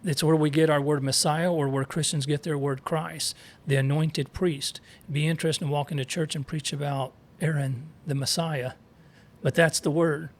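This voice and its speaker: Guy going through bible verses, sounding out hebrew, kinda high-ish voice, casual. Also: fairly even intonation, moderate pace. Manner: reads verses aloud, sounds out Hebrew words, explains with asides. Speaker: co-host teaching scripture. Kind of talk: casual Bible study discussion.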